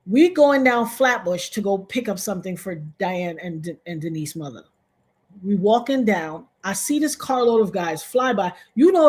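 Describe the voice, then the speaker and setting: A woman hosting a livestream tells a personal story in a casual, animated way, her voice carrying a breathy edge. Every so often she jumps into loud, high exclamations.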